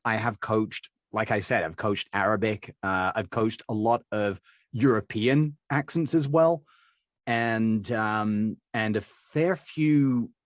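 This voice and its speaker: A man's voice: lowish voice, dry recording, studio quality. A middle-aged man from Birmingham, England, answering interview questions as a dialect coach, rambling with many fillers and restarts. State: recovering from covid.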